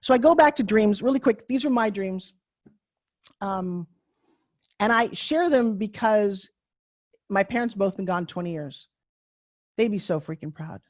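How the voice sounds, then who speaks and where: A woman in her sixties giving a live online class as a pitch coach, in a chatty, joking, candid storytelling way over a video call. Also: measured pace, long pauses, darkish tone, dry recording, clean studio sound. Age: 60s.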